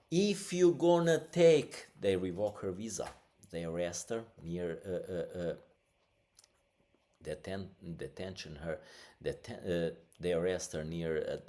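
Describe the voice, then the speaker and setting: A man hosting a podcast, giving impassioned opinionated news commentary, halting often with restarts and fillers. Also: low voice, steady tone, a little mellow. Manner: impassioned and agitated. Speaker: podcast host.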